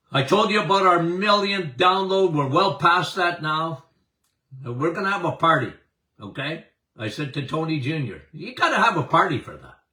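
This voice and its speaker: An older man hosting a health podcast, talking emphatically and excitedly to listeners, laughing often. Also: mid-range voice, echoey room, far from the mic. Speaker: podcast host and health doctor. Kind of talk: animated health talk to listeners.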